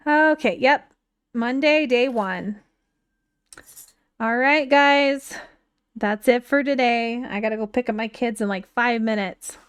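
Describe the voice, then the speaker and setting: A woman's voice: fairly high pitch, slow pace, pauses often, clean tone, no room sound, studio quality. A woman in her thirties chatting casually as she plays a game on a live stream, thinking aloud from her computer at home. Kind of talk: casual live gameplay chat.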